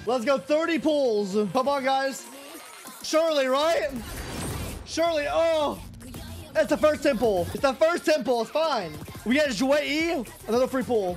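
A young man, a gaming streamer, reacting frantically and loudly to game pulls, pleading and swearing. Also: very high voice, animated, moderate pace, soft background music.

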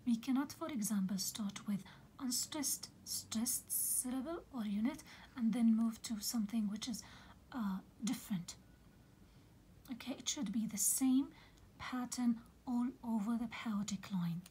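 A woman teaching a literature lesson in a soft, half-whispered voice, patiently explaining and filling pauses with "okay". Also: on the high side, a little hiss or hum, poor audio. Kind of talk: recorded lecture on poetic meter.

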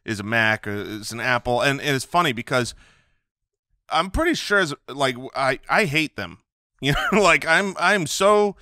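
Bright-voiced joking male podcast host. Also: medium pitch, lively intonation, normal speed, dry recording, clean studio sound. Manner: rambling, self-mocking rants. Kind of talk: casual comedic banter.

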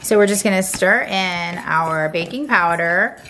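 An echoey room, a distant mic and a steady hum frame this casual cooking demonstration. The woman hosting it has a lowish voice and takes her time, chatting playfully right to the viewer.

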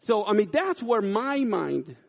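A man preaching a sermon, reading scripture and telling a personal story in an animated way, acting out the people in it. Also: high voice, measured pace, vocal fry. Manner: animated storyteller, acts out quoted lines loudly. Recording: dull lo-fi sound.

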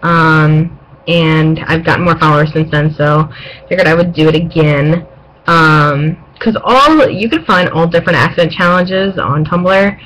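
A woman's voice: low voice, a little slow, fairly bright tone, low-quality recording. A young woman from the eastern United States, tired late at night, chatting casually in a vlog and reading a word list, with lots of ums. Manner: chatty with frequent um fillers. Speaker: vlogger.

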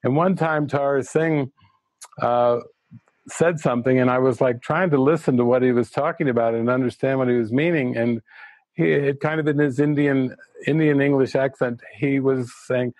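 A man's voice: mid-range voice, fairly even intonation, darkish tone, no room sound. Earnest man teaching a spiritual retreat. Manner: earnest and reflective, slowing to stress words.

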